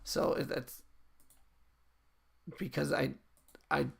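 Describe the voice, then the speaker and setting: A man with a deeply gravelly, fry-heavy voice talks slowly through a casual live-coding stream. He thinks aloud, keeps catching and fixing his own slips, and chats easily with his viewers. Faint keyboard typing and clicks sit behind him. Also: a little hiss or hum. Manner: thinks aloud, often corrects himself mid-sentence; relaxed and chatty with viewers. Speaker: streamer teaching game coding.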